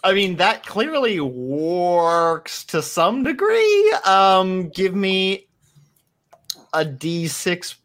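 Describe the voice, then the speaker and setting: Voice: medium pitch, big pitch swings, extremely slow, a bit bright. A game master running a tabletop game, thinking aloud over rulings with hesitant fillers.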